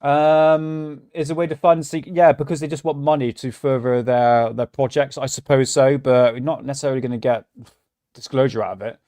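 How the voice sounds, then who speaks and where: A man's voice: mid-range voice, fairly even intonation, moderate pace, warm tone, no room sound. Blunt, ranting man on a livestream. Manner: blunt and ranting, swears freely. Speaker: livestream host. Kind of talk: casual livestream commentary.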